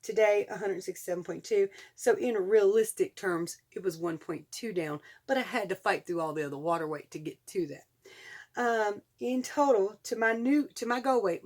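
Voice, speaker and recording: A woman's voice: on the low side, vocal fry. Chatty Southern woman in her forties. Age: 40s. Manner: chatty and excitable, laughs often, drawls "y'all". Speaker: vlogger. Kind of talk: casual chat to camera.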